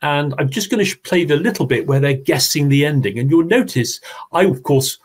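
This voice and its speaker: A man, a teacher trainer, telling a story expressively and then explaining it to his audience in an online teaching seminar. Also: a little high. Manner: slow, expressive storyteller, addresses the audience directly.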